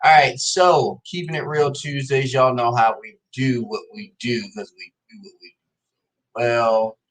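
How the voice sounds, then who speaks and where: A man's voice: mid-range voice, fairly even intonation, a little slow, poor audio. A man hosting a casual livestream, chatting loosely with viewers and calling them "y'all". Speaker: host of a live stream show.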